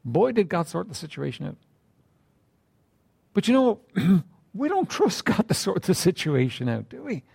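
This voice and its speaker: A man preaching a sermon in a conversational way, asking rhetorical questions and often clearing his throat. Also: sits high, very animated, measured pace, pauses often, a little mellow.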